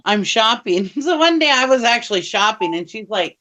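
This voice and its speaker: A woman's voice: fairly high pitch, animated, normal speed, a bit bright. A woman telling rambling everyday stories in casual chat, laughing often and swearing mildly.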